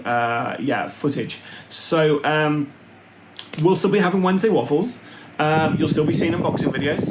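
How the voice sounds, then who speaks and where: A man hosting a board game channel, chatting casually and meandering from topic to topic. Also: a little high. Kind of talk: casual vlog chat. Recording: roomy, with loud fan hum. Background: loud fan noise.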